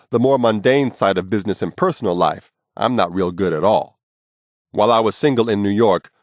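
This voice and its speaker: Low-voiced man reading his blunt memoir. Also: dry recording, studio quality. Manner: blunt, casual and profane storytelling. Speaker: memoir narrator. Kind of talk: audiobook memoir narration.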